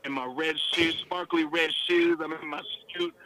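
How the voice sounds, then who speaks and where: A man telling stories as a country singer guest in a casual podcast chat, excitable and slangy with lots of restarts. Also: a little high, moderate pace, heavy background noise.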